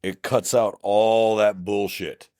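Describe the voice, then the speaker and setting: A middle-aged man from South Texas with a Texan accent, a police officer co-hosting a casual podcast chat, blunt and animated, acting out quoted dialogue. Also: lowish voice, slow, no echo, studio quality. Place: podcast studio.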